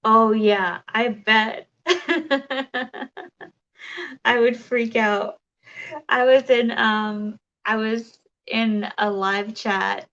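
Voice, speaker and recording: A woman's voice: on the high side, level tone, slow pace, a bit bright, highs cut off. A woman hosting a casual crafting livestream, chatting and reading viewer comments, rambling with many fillers and restarts.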